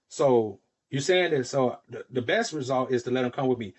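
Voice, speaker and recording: A man's voice: mid-range voice, animated, moderate pace. A man from Florida telling a heated personal story in casual podcast talk, cursing freely and acting out the other people's lines. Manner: profane, heated, acts out quoted dialogue. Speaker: podcast host.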